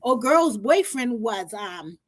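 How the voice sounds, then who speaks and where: A woman's voice: a little high, sing-song, slow pace, no echo. A woman hosting, casual and profane, giving blunt advice. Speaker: podcast host. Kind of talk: casual commentary.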